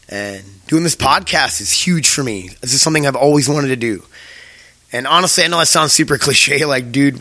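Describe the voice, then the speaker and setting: A young man talking through his solo podcast with a bright, forceful tone that carries. He rambles, stumbles over words and swears freely. The sound is close and dry, with no room around it. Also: medium pitch, no echo. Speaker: podcast host. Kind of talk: casual solo podcast chat.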